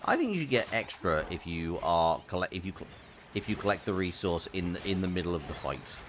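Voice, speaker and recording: A man's voice: deep voice, sing-song, fairly quick, fairly bright tone, a little hiss or hum. A man streaming a game live, chatting casually and reading out chat messages between plays. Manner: chatty, rambling, reads chat aloud. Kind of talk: casual live gaming commentary.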